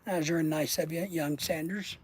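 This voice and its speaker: A man with a fairly high, fairly even voice talks a little fast, his tone slightly rough. Hosting his own channel, he tells a long personal story casually, rambling, swearing, and often trailing off mid-sentence.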